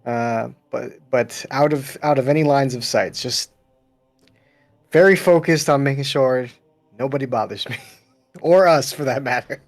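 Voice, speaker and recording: A man playing a tabletop game, answering in a terse, grumpy way. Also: mid-range voice. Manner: slow, terse, grumpy replies. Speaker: player. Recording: faint music behind.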